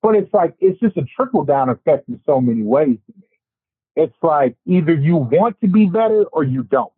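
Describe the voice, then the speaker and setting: A man on a casual podcast discussion, ranting in an animated, profane way. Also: a little high, moderate pace, husky, no echo. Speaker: podcast panelist. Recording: tinny phone-like, dry sound.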